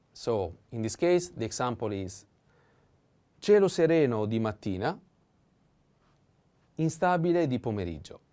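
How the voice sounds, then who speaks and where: Male language teacher; unhurried, filler-heavy explanations, lively pitch. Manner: slow, halting explanations with frequent fillers. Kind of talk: language lesson.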